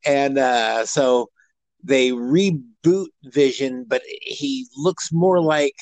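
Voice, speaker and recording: A man's voice: medium pitch, extremely slow, a little mellow, no echo, poor audio. A man co-hosting a podcast, chatting casually and rambling with many fillers and restarts. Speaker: podcast co-host. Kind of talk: casual chat.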